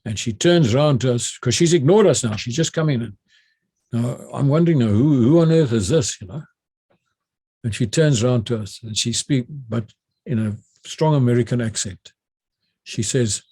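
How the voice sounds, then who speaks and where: Older man, South African accent, husky mellow voice, animated storytelling, stumbling restarts. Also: mid-range voice, normal speed. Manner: animated retelling, many restarts and repeated words. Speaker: retired army general, interview guest. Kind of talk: anecdotal storytelling.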